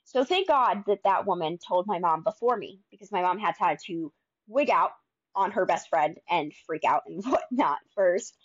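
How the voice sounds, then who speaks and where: Young adult woman, casual storyteller, animated, dry close sound, slightly muffled. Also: on the low side, normal speed, slightly rough, no room sound. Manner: animated, acts out quoted dialogue. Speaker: guest telling her recovery story.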